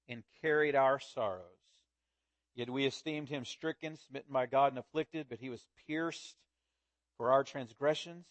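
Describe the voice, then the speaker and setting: A man's voice: mid-range voice, dry recording. A man preaching a sermon, reading scripture aloud and building to emphatic peaks as he explains it. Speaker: pastor.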